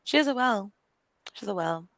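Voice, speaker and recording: A woman's voice: mid-range voice, animated, a little fast, fairly bright tone. A woman co-hosting a podcast, bantering in a teasing, profane, slangy way. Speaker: podcast co-host. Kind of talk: casual banter.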